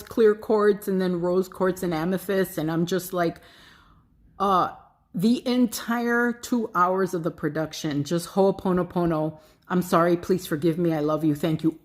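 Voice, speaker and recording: A middle-aged woman with a slightly low voice tells a personal story. She is animated and loose, drops the odd swear word and fills her talk with "like" and "you know". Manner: animated, swears freely, many fillers. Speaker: spiritual vlogger.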